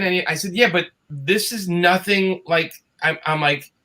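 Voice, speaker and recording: A middle-aged comics creator, appearing as a guest, tells a casual story in a high voice at a measured pace with few pauses. He's animated, acting out the dialogue he quotes.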